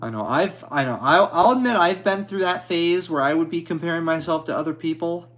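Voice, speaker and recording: A man streaming and answering viewer comments in a halting, hesitant way, apologetic and a little anxious. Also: fairly high pitch, fairly bright tone. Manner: halting, hesitant, with many restarts; apologetic and modest. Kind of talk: casual live chat.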